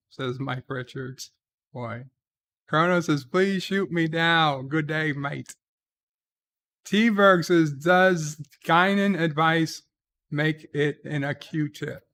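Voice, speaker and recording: A man's voice: fairly high pitch, pushed and bright. A man hosting a casual livestream, reading viewer comments aloud and answering them wryly, with lots of "uh" between lines. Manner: reads comments aloud and replies wryly, with many "uh"s. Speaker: livestream host reading chat.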